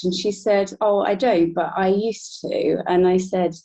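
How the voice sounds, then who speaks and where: A woman guest telling a personal story in a relaxed interview, often laughing lightly between thoughts. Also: mid-range voice, a little slow. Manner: reflective, laughs between thoughts, many restarts. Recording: dull lo-fi sound.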